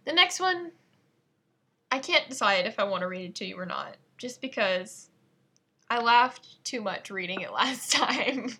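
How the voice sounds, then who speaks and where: A woman's voice: fairly high pitch, lively intonation, a little slow, bright, forceful tone, breathy edge. A woman hosting a casual solo podcast, playful and self-mocking, prone to giggling as she talks. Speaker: podcast host.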